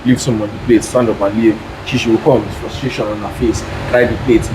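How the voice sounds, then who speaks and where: A man's voice: lowish voice, fairly quick. A young man from Nigeria co-hosting a podcast, telling stories with acted-out quotes and frequent laughter in casual chat. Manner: animated storytelling, acts out quotes, laughs often. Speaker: podcast co-host. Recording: faint background noise.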